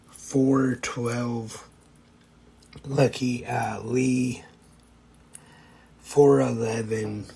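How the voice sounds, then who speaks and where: A man's voice: medium pitch, gravelly, a little mellow, slight background noise, rough recording. A man hosting a podcast, reading out a ranked list with brief asides, and he is losing his voice a little. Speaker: podcast host.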